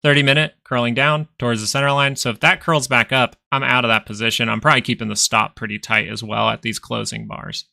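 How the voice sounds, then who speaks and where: A man's voice: medium pitch, little pitch movement, brisk, vocal fry, hardly any pauses, pushed and bright, dry recording. A man hosting a live stock market stream, chatting casually as he walks through charts, thinking aloud and repeating phrases for emphasis. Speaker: stock market livestream host.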